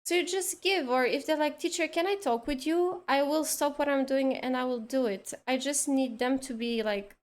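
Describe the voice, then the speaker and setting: A woman's voice: high voice, moderate pace, hardly any pauses. A woman chatting casually on a drawing stream, telling stories and acting out the kids she teaches. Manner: animated storytelling, acting out kids' voices. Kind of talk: casual chat while drawing.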